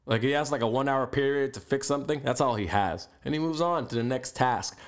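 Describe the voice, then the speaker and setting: Speaking a little fast at a medium pitch, this young man hosts a podcast and launches into a crude, no-nonsense motivational monologue.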